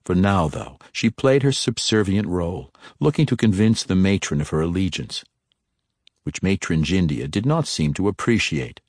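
Deep-voiced man narrating a fantasy novel. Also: no room sound, studio quality. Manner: steady, measured storytelling. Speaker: audiobook narrator.

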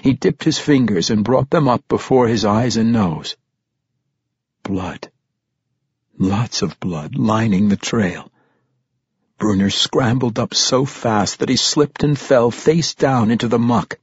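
A man reading a fantasy audiobook in a measured, dramatic storytelling manner. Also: medium pitch, breathy edge, no echo, highs cut off. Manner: measured, dramatic storytelling that lifts for tense moments. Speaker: audiobook narrator. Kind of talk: scripted fantasy audiobook narration.

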